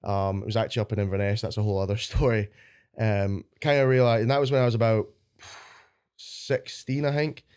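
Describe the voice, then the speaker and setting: A man's voice: lowish voice, fairly even intonation, brisk, darkish tone, clean tone. A young adult man with a Scottish accent, a guest on a podcast, telling stories in a chatty, rambling way and swearing freely. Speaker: guest powerlifter. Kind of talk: casual podcast chat.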